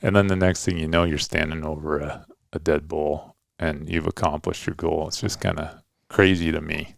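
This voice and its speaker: A middle-aged man hosting a podcast, telling a hunting story in a relaxed, rambling, casual way. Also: extremely low pitch, moderate pace, creaky, no echo, studio quality. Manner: relaxed storytelling, loose and rambling with frequent "kinda" and "like". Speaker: podcast host and hunting dad.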